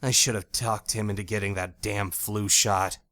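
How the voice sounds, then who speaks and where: A male audiobook narrator voicing a fierce, blunt young woman with a hot temper who gives sharp, curt retorts. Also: on the low side, steady tone, moderate pace, no room sound. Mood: wry. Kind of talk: audiobook character voice.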